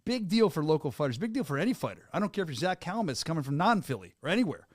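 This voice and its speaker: A man hosting a podcast, joking and laughing in quick, hyped chat. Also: a little high, big pitch swings, no echo, clean studio sound. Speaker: podcast host and venue announcer. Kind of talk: casual chat.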